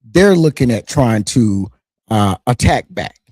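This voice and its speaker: A middle-aged American man hosting his own commentary channel, his husky voice swinging up and down with lively energy. He talks casually and emphatically, stumbling over restarts as he pushes his points. The sound is dry and close. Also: medium pitch, unhurried, no echo. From United States. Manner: animated, emphatic, frequent restarts. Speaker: channel host.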